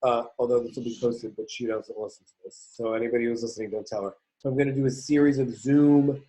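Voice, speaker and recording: A man's voice: medium pitch, steady tone, quick pace, mellow, low-quality recording. A man co-hosting a podcast in a casual chat, joking as he tells a story. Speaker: podcast co-host.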